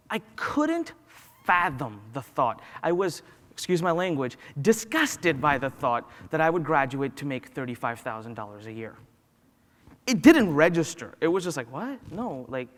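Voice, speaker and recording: Higher-voiced man, animated motivational speaker. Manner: animated storyteller who acts out dialogue. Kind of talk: motivational talk with personal stories. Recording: long hall reverb.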